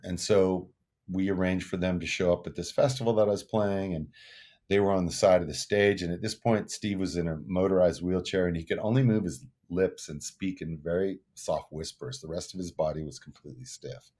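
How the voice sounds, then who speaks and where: Deep-voiced man in his sixties. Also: brisk, a little mellow. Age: 60s. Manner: earnest, reflective, repeats words as he gathers thoughts. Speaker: musician guest. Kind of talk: casual interview storytelling.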